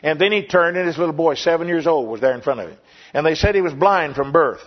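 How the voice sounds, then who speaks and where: An older pastor gives an earnest sermon testimony, circling back on his words and pausing as he tells the story. His voice sits a little high for a man. The recording is dull and lo-fi. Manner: earnest storytelling with repetitions and pauses.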